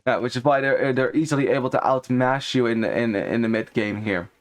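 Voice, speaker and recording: A man's voice: mid-range voice, fast. A young man casting a real-time strategy match, chatty and analytical, explaining game mechanics as the action unfolds. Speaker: esports caster. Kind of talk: live strategy-game commentary.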